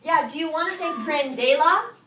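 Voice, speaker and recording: Bright-voiced woman teaching a class. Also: high voice, expressive, normal speed, slight background noise. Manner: quizzes students and repeats answers back. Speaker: high school Spanish teacher. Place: high school classroom. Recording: echoey classroom from far off.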